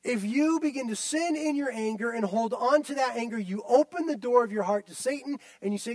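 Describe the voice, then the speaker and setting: A man's voice: extremely high pitch, a little fast, few pauses, darkish tone, dry recording. A male pastor delivering a sermon, emphatic and repetitive, often turning to the listeners directly.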